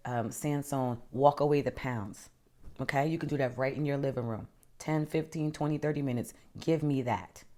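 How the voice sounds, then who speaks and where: A woman hosting a podcast, delivering an emphatic, encouraging self-help monologue that swings between loud emphasis and soft, near-whispered lines. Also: extremely low pitch. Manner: emphatic and encouraging, addresses listener as honey and girl. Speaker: podcast host.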